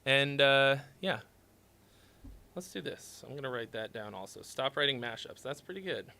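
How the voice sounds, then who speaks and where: Lively, rambling man on a music stream. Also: mid-range voice, moderate pace, gravelly, slight background noise. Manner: rambling, offhand, peppered with "like". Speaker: music critic streaming live song reviews. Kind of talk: casual livestream chat.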